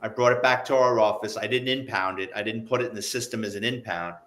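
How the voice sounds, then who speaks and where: A man, telling old police stories in a relaxed, chatty way and acting out the people in them. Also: lowish voice, fast talker. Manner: animated, acts out the people in his stories. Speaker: guest, retired police investigator. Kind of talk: casual storytelling.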